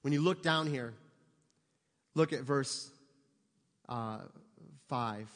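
A man's voice: medium pitch, slow pace, a bit bright, big-room sound. A man preaching a sermon as pastor, speaking emphatically and asking his listeners rhetorical questions.

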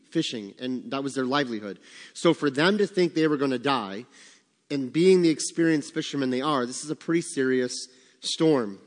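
A man leading a Bible study, teaching in a conversational way and asking the group questions. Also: a little high. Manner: conversational, asks the room questions. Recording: long hall reverb.

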